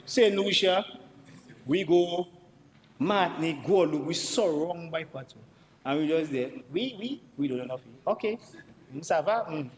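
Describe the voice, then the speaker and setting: A man's voice: fairly high pitch, lively intonation, moderate pace, pauses often. A man with a Dominican accent giving an emphatic parliamentary budget debate speech, repeating himself for emphasis and addressing the Speaker. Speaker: member of parliament. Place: parliament chamber. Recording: long chamber reverb with faint background noise.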